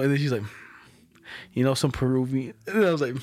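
A young man telling a story in casual chat, animated and slangy, acting out the other people's lines with frequent laughs. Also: mid-range voice, brisk. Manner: casual slang-heavy talk. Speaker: podcast co-host telling a story.

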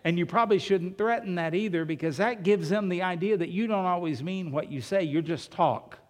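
A man's voice: high voice, brisk. A male pastor preaching a sermon in a church, talking conversationally, asking rhetorical questions and telling humorous anecdotes. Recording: long reverb of a large hall.

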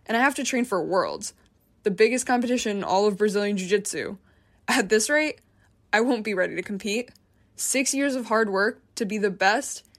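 A woman reads a first-person memoir audiobook. Her delivery is tense and introspective, with frustration close to the surface. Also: medium pitch. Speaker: narrator.

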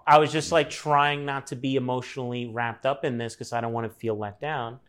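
A man's voice: medium pitch, fairly even intonation, brisk, a bit bright, clean tone. A man telling a personal story in casual conversation, acting out the people he quotes and swearing now and then.

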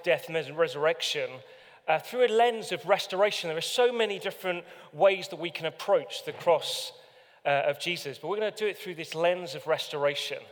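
A man leading a Sunday sermon and reading scripture, speaking earnestly and conversationally with frequent fillers. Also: on the high side. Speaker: pastor. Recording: long hall reverb.

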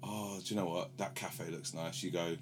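A man's voice: low-pitched, steady tone, normal speed. A young man from London hosting a podcast, telling rambling stories in casual chat and swearing freely. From London, England. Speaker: podcast host. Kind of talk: casual banter.

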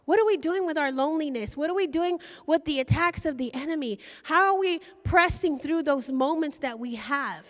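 Woman preaching, high voice, fervent, lots of reverb. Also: animated, normal speed, hardly any pauses. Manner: fervent, exhorting, storytelling. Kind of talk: sermon.

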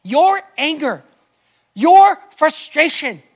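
A man delivers a sermon in a strikingly high voice. He builds to loud, emphatic lines, then lets phrases sink to a near whisper, and he voices the doubts of people in pain. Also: very animated, takes it slowly. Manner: preaching with rising emphasis and quiet drops, acting out voices of the hurting. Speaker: pastor.

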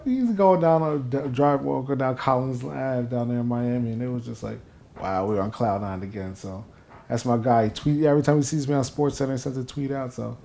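A young man from New Jersey, a guest in an interview, telling stories casually and acting out the quotes with rising excitement. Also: mid-range voice, creaky. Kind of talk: casual storytelling.

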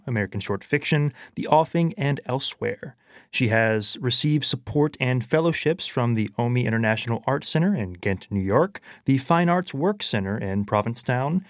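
A man's voice: medium pitch, no room sound, studio quality. A man hosting a local radio literature program, giving a formal scripted introduction. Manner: formal, announcing. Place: radio studio.

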